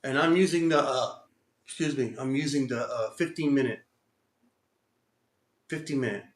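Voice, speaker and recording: A man's voice: mid-range voice, normal speed. Frustrated man talking to himself, echoey. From Texas. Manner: talks to himself, frustrated, exclaims at the market. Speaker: day trader streaming live. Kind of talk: live trading commentary.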